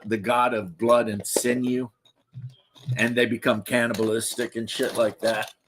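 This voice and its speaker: A man's voice: medium pitch, fairly bright tone. A man from the United States hosting a livestream, rambling casually with jokes and swearing. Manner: rambling, profane, joking. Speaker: livestream host. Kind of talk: casual chat.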